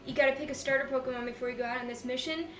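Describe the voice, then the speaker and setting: A woman playing a tabletop game in a bubbly, excited way. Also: high voice, very fast, roomy sound. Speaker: player. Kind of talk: casual role-play.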